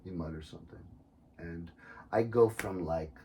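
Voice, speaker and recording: A man from New York chatting casually as podcast co-host, telling animated, profane stories. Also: sits low, moderate pace, vocal fry, distant mic, a little hiss or hum. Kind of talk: casual chat.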